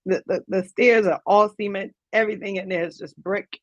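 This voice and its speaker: A woman's voice: mid-range voice, steady tone, moderate pace, no room sound. A woman, a guest on an interview show, earnestly retelling a personal story in vivid detail. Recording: dull lo-fi dry sound.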